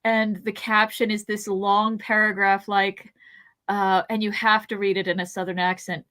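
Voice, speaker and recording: A woman co-hosting a podcast in casual chat, talking with quick asides and frequent laughter. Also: medium pitch, level tone, sharp tone. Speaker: podcast co-host.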